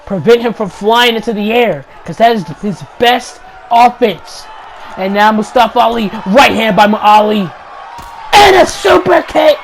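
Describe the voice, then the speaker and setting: A man calling play-by-play wrestling commentary over gameplay, excitable, shouting the big moves and repeating each call. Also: high-pitched, normal speed, a faint crowd, poor audio. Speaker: YouTube gaming channel host.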